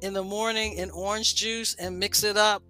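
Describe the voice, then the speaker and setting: A woman's voice: medium pitch, steady tone, normal speed, bright, forceful tone, faint music behind. A woman hosting a health talk, reading an article aloud with frequent stumbles and self-corrections. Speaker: health podcast host.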